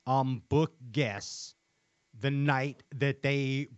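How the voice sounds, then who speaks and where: A man's voice: mid-range voice, fairly even intonation, very slow, clear, resonant tone, no room sound, muffled recording. Rambling fishing-show co-host, man. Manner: rambling, frequent restarts and laughs. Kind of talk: casual chat.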